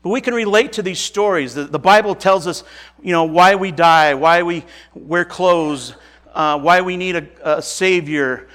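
Man from Nebraska, casual folksy sermon, slightly high voice, relaxed storytelling. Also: unhurried. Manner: casual and folksy, chuckles and self-corrects often. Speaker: preacher. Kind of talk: informal sermon retelling a Bible story.

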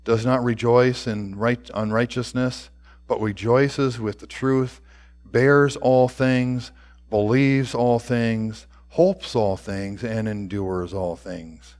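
A man preaching a sermon, reading scripture aloud with slow, deliberate phrasing that trails off softly at the ends. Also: medium pitch, steady tone.

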